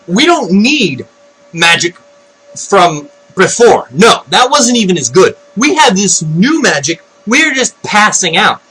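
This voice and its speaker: Excitable high-voiced man ranting. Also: a little slow, slightly rough, poor audio. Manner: excitable, breathless retelling with exclamations. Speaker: video blogger. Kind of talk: unscripted ranting commentary.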